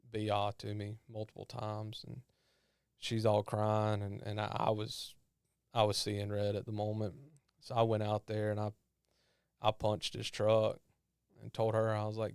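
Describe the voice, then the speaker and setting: A man's voice: on the low side, completely flat delivery, vocal fry, a little mellow, clear, resonant tone, dry recording, studio quality. A man tells a personal story as a podcast guest, often stumbling and repeating words as he goes. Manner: halting, repeats words when emotional.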